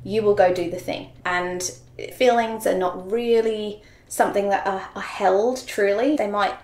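Animated woman with a gravelly, roomy voice. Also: mid-range voice, measured pace. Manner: animated, laughs often, acts out quoted voices. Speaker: interview guest, mother. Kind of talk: casual conversational interview. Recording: roomy echo.

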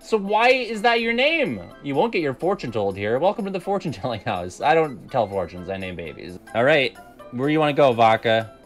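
Speaking fairly quickly in a mid-range voice, this streamer gives loose, profane commentary on his gameplay over faint background music, frequently laughing and poking fun at himself.

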